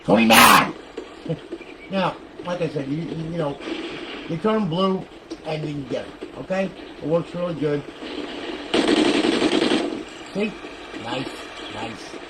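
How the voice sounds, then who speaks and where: A man giving a casual gameplay tutorial, rambling and swearing, who breaks into loud trash talk at other players. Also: a little high, measured pace, pauses often, very noisy. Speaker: console modder demoing a modded console.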